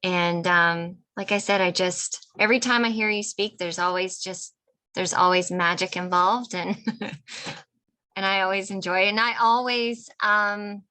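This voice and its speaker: A woman's voice: medium pitch, fairly even intonation, a little slow, sharp tone, smooth, rough recording. A woman hosting a casual online interview, chatty, with frequent ums and small laughs. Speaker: host.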